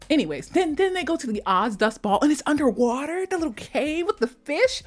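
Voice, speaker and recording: A woman chatting casually as a vlogger, gushing about a film in slangy talk, switching between high mock voices and soft whispers. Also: sing-song, brisk, hardly any pauses. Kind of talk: casual chat.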